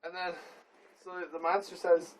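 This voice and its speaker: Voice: mid-range voice, little pitch movement, moderate pace, far from the mic, a little hiss or hum, poor audio. Young adult rambling, giggling storyteller. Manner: giggly, rambling, self-correcting. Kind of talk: improvised comedy story among friends.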